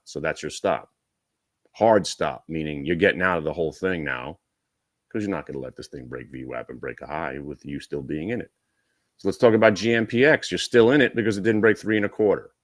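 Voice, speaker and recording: Male trading-room host, very low pitch, dry close sound, brisk coaching manner. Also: no echo. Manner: brisk and coaching, talks to viewers directly; wry asides. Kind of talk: live trading room commentary.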